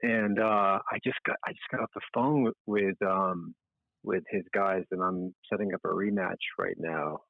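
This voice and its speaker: A man's voice: sits low, creaky, slightly rough, no room sound. Middle-aged man on a tinny phone line. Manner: chatty, rambling, self-deprecating. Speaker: magazine editor-in-chief, guest. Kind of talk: casual interview talk.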